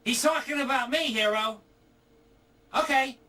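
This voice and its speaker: A squeaky, jittery game sidekick. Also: male voice, unhurried, bright, forceful tone, recorded from a distance, slight background noise, heavily acted. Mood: nervous quips. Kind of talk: video game cutscene acting.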